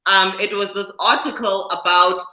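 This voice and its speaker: A woman hosting a podcast in casual chat, animated and laughing often as she reads from articles. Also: medium pitch, normal speed. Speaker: podcast host. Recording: roomy echo.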